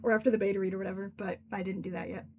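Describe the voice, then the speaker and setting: A woman's voice: medium pitch, flat delivery, racing, warm tone, slight background noise. A woman author hosting a casual livestream, chatty and rambling, laughing often.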